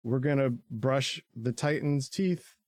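A man co-hosting a podcast, recapping an anime in casual, profane chat, laughing often and jumping into squeaky character voices. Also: slow pace, a little mellow, no echo, clean studio sound.

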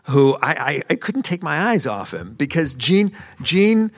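A man producer on a panel, speaking haltingly with many restarts. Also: medium pitch, very animated, a bit bright, dry recording, clean studio sound. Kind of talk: panel conversation.

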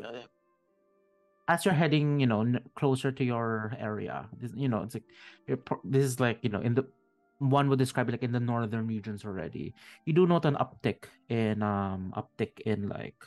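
A man narrates a tabletop fantasy scene as game master in a mid-pitched voice. His delivery rambles, with frequent fillers and restarts. Faint music plays underneath. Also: expressive, normal speed, creaky, darkish tone.

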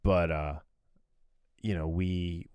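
Podcast co-host, male, very low voice, dry close sound, rambling delivery. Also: fairly even intonation, slow pace, a little mellow, clear, resonant tone, no room sound. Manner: rambling, many fillers and restarts, laughs often. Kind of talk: casual chat.

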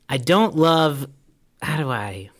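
A man's voice: fairly high pitch, lively intonation, very slow, a bit bright. A man co-hosting a casual movie discussion, giving blunt opinions and hot takes. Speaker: podcast co-host.

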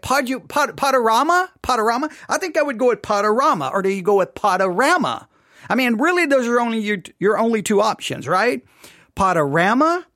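Lively, playful podcast host in a studio. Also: mid-range voice, no room sound. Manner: playful, jokey, repeats itself a lot. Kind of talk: casual solo podcast monologue.

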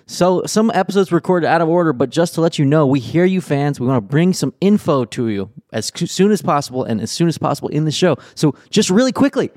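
A man's voice: fairly high pitch, animated, quick pace, hardly any pauses, a little mellow, no echo, studio quality. A man co-hosting a podcast in casual chat, friendly as he runs through the episode details. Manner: friendly, runs the rundown, some restarts. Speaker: podcast co-host.

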